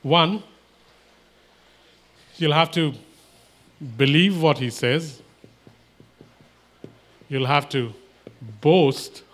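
Fairly high-voiced male preacher. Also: drawn-out words, long pauses, a bit bright. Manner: emphatic, repetitive, voices imagined exchanges. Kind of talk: sermon.

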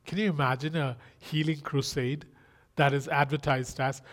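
A man's voice: fairly high pitch, steady tone, moderate pace. A man preaching a sermon in an earnest style, asking rhetorical questions and exclaiming.

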